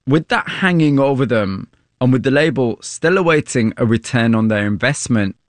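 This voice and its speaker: A man's voice: medium pitch, animated, moderate pace, no room sound. A man hosting an interview, asking probing questions and narrating parts of the story.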